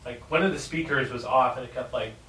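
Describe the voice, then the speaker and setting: Chill dude co-host, um-ing a lot, mic a ways off, faint hiss. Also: male voice, mid-range voice, fast, pushed and bright. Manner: laid-back, lots of fillers. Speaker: podcast co-host. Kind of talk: casual podcast chat. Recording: roomy, distant mic, faint noise.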